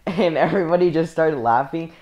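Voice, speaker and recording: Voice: medium pitch, a little fast, a little mellow. A young speaker telling a casual storytime, rambling with slang and frequent laughter. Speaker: storyteller vlogger.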